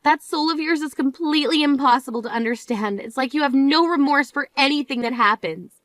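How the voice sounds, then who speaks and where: A woman's voice: high-pitched, a little fast, a bit bright, no echo. A woman voicing a grieving older sister who scolds in an exasperated, reproachful way in a dramatized story. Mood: furious.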